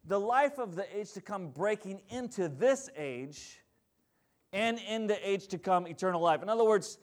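A man's voice: sits high, lively intonation, moderate pace. A male pastor preaching a sermon in a conversational storytelling manner, asking the congregation questions along the way.

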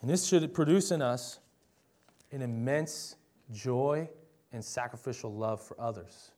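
A man's voice: mid-range voice, measured pace, darkish tone. A young adult man preaching a sermon in a conversational, emphatic way, often asking the listeners rhetorical questions.

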